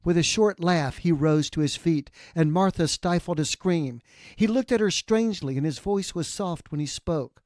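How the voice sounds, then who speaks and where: A man co-hosting a podcast, reading a folktale aloud in an expressive, dramatic way. His voice sits fairly high for a man. The recording is close and dry. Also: measured pace, no room sound. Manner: expressive storytelling. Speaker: podcast co-host and storyteller. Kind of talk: dramatic read-aloud narration.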